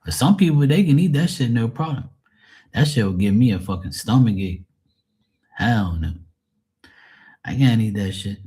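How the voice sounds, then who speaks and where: A man's voice: medium pitch, animated, moderate pace, pauses often, warm tone. A man hosting a live stream, chatting casually with viewers in a rambling, profane way and laughing often.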